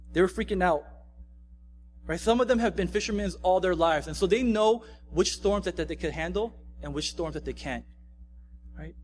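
Young male pastor, slightly high voice, casual conversational sermon, faint hum in the recording. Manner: casual, conversational, frequent "right?" tags.

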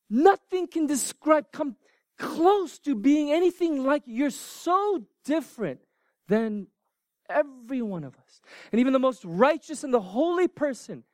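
A preacher delivers a sermon in a loose, conversational way, tossing rhetorical questions at the congregation and dropping pop-culture asides. The pitch rises and falls in lively swings. The voice sounds close and dry, with little room around it. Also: no room sound. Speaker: pastor.

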